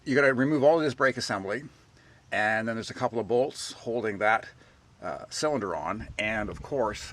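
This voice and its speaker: A man's voice: low-pitched, pushed and bright. A man giving a rambling, folksy, self-deprecating how-to talk while working on a jacked-up car outdoors. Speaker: DIY car repair vlogger.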